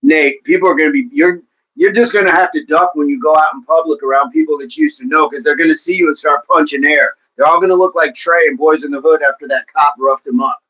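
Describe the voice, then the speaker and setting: Man, livestream host, chatty and encouraging, bright slightly high voice, muffled lo-fi sound. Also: quick pace, slightly rough. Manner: talkative, encouraging, addresses viewers by name. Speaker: livestream host reading chat. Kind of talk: casual livestream chat.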